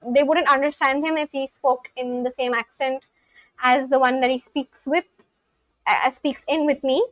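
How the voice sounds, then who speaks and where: A woman's voice: sits high, no echo, low-quality recording. A woman live-streaming, chatting casually with her viewers as she reads and answers their messages.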